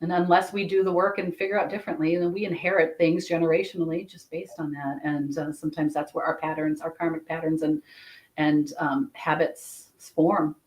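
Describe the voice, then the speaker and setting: A woman who gives Akashic Records readings tells a story in casual conversation. Her voice sits a little low, and she speaks loosely, with frequent restarts. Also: a little fast, low-quality recording. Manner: chatty, animated storytelling with many restarts. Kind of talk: casual storytelling in a podcast chat.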